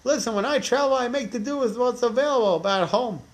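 Squeaky worked-up villager guy a man puts on, indignant, firing off complaints. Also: fast. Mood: exasperated. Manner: incredulous, complaining questions. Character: exasperated poor male villager, indignant.

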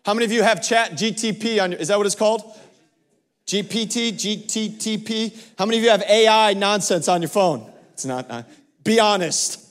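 A man's voice: high voice, fairly quick. A male pastor preaching a sermon and calling on the congregation for responses, with emphatic repeats. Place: church sanctuary. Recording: long church hall reverb.

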